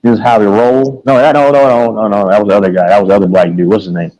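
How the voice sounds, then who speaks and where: A man's voice: fairly low pitch, animated, rapid-fire, darkish tone, poor audio. A man in casual chat about music, rambling, repeating himself and hunting for names.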